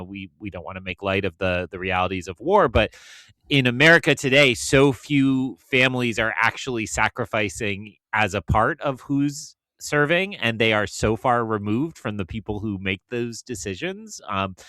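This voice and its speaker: Male podcast guest, bright, forward tone, reflective with a dry wit, close and dry sound. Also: fairly low pitch, dry recording. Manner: thoughtful, dryly teasing. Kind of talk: casual film-discussion chat.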